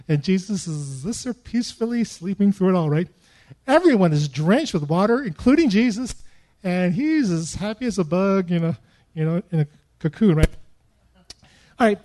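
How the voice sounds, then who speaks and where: A middle-aged man preaching a sermon, telling stories and acting out his own prayers with lively, animated delivery. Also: high-pitched. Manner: animated storytelling with acted-out prayers. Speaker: pastor.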